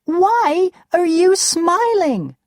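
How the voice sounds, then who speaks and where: A woman voicing a spoiled, demanding rich wife in a slow storybook reading for learners. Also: animated, no echo, studio quality, heavily acted. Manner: shrill, whiny, demanding.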